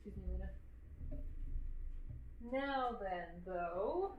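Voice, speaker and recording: A woman's voice: mid-range voice, measured pace, long pauses, background noise. A woman streamer chatting casually while cooking in her home kitchen. She swears bluntly and gives her dog clipped commands.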